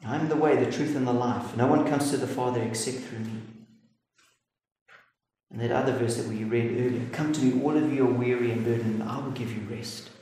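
A man preaching a sermon in an earnest, emphatic way, slowing down to stress key words. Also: medium pitch, steady tone, dark tone. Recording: echoey hall with faint noise.

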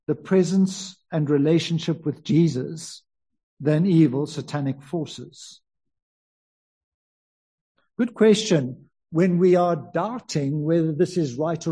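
A man with a South African accent preaching a conversational sermon, slowing down on key words. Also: high voice, warm tone, slightly rough. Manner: conversational, varies emphasis, stretches key words.

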